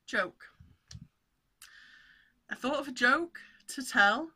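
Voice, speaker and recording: Woman vlogger, very bright, slightly high, rambling casual chat at home. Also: lively intonation, takes it slowly, pauses often, husky. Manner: chatty, rambling, self-interrupting. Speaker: cross-stitch vlogger.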